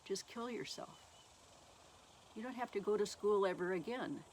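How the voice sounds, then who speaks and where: A woman voicing a calm but sinister male inner voice that urges her toward death, in a hushed, coaxing whisper. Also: medium pitch, moderate pace, a little hiss or hum, close to an everyday voice.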